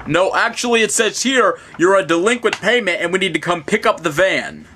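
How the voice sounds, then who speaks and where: A man playing a persistent male bill collector on a phone call, speaking flat and formal. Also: sits high, a little fast, faint music behind, heavily acted. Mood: calm formal. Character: male bill collector, calm then threatening. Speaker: prank caller.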